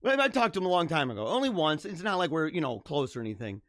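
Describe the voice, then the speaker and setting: A man hosting a casual live stream, reading viewer comments, animated and jokey, laughing often. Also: fairly high pitch, fast talker, dry recording, clean studio sound.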